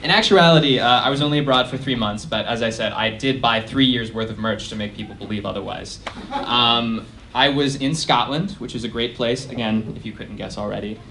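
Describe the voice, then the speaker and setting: A young man doing a stand-up set at a college venue, deadpan and self-deprecating, with lots of fillers. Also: mid-range voice, a little fast, a little hiss or hum. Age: young adult. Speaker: stand-up comedian. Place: college performance space.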